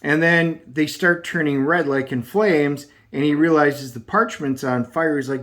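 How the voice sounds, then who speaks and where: A man's voice: on the high side, fairly even intonation, a little slow, few pauses, fairly bright tone. Rambling man recapping a comic. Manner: rambling, with many filler ums. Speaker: comic book reviewer. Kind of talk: casual review recap.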